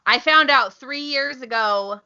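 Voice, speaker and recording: A woman's voice: sits high, measured pace, bright, forceful tone, no room sound, muffled recording. A woman co-hosting a podcast, chatting in a wry, offhand way. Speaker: podcast co-host. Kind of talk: casual chat.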